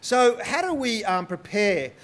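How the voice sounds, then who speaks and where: A man's voice: sits high, measured pace. A man giving a humorous, self-deprecating conference talk on stage in a large hall, full of restarts and asides. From Australia. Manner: lively, joking, self-deprecating, many restarts. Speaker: conference speaker.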